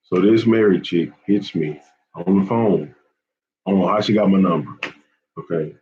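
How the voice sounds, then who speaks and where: A man's voice: low voice, moderate pace, muffled recording. Chatty man on a live stream. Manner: chatty, repetitive, often says man and y'all. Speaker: fishing channel host.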